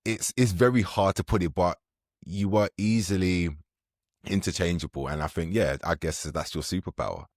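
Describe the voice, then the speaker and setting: A man with a very deep voice hosts a podcast interview. He asks questions loosely, with jokes and quick asides. He sounds close and dry, with no room around him. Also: no echo. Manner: casual, joking, quick interjections. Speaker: podcast host.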